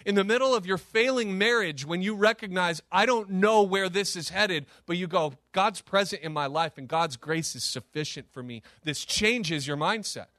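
A man preaching a sermon as pastor, animated and emphatic, with sudden rises and drops in his delivery. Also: high-pitched, moderate pace, hardly any pauses, dry recording, clean studio sound.

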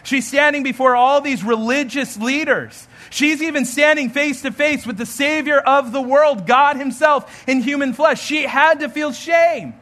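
A man's voice: very high-pitched, measured pace, hardly any pauses, a bit bright. A man, a pastor, giving an earnest storytelling sermon and acting out the voices in the story.

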